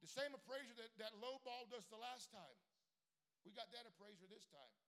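A man preaching a sermon as pastor, moving from quiet storytelling to shouted, fervent preaching. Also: very high-pitched, expressive, fairly quick.

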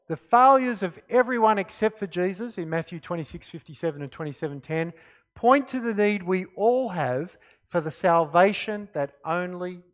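A man delivers a sermon with a high voice. His pitch swings widely as he reads scripture and drives home each point. He often drops to quiet emphasis. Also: muffled recording. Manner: expressive Bible reading, dropping to quiet emphasis. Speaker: preacher.

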